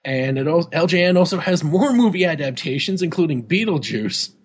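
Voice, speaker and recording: A man's voice: a little high, expressive, fairly quick, breathy edge. A man co-hosting a podcast, chatting casually about an old game magazine, joking and swearing freely. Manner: jokey, swearing, laughing often. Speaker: podcast co-host.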